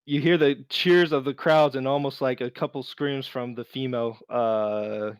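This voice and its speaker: A man narrating as game master of a tabletop game, relaxed and unhurried, with many fillers. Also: medium pitch, clear, resonant tone, no room sound, studio quality.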